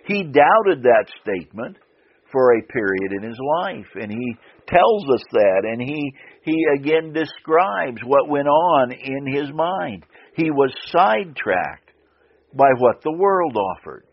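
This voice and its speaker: A man preaching a sermon on the radio, slow and deliberate, repeating key phrases for emphasis. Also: medium pitch, big pitch swings, slightly rough. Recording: dull lo-fi radio broadcast.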